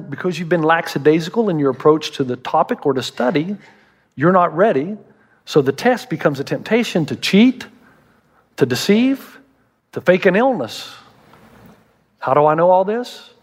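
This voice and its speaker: A man's voice: fairly high pitch, sing-song, normal speed, breathy edge, big-room sound. A middle-aged man preaching a sermon as pastor, telling humorous stories and acting out the voices he quotes. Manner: humorous storyteller who acts out quoted voices.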